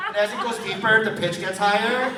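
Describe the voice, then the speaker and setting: A man's voice: high voice, fairly even intonation, a little fast, a loud crowd, very noisy. A man performing a live stand-up set, telling self-deprecating stories and laughing between lines. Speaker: stand-up comedian. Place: comedy club stage. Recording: roomy, distant live club recording. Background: audience laughter.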